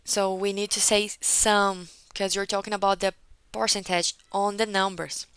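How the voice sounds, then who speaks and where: A woman teaching English conversation online patiently corrects a single student's mistakes, frequently asking "okay?". Her mid-range voice is level, smooth and a bit bright at a moderate pace. There's no room sound, though the recording is rough.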